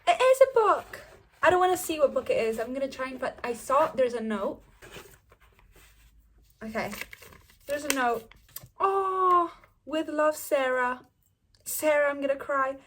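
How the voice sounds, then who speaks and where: A young woman, gushing excitedly about new books in a casual vlog. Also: high-pitched, unhurried, long pauses, a little hiss or hum. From Italy. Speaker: book vlogger. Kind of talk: casual book haul chat.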